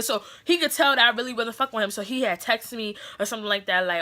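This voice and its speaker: A woman's voice: a little high, lively intonation, fairly quick, pushed and bright. A young adult woman, telling a story in a casual vlog, blunt and profane, acting out what people said. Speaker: beauty vlogger.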